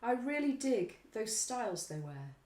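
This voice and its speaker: Giggly woman reading lyrics slowly. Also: a little high, very animated, darkish tone, reverberant. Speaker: quiz co-host. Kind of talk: casual live quiz, reading lyrics aloud.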